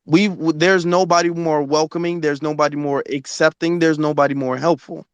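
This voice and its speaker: A man's voice: a little high, fairly even intonation, moderate pace, clear, resonant tone, no room sound. A man hosting a live online audio discussion, arguing his point in an insistent, lecturing way into a phone mic. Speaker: host of a Twitter space discussion. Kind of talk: live audio room debate.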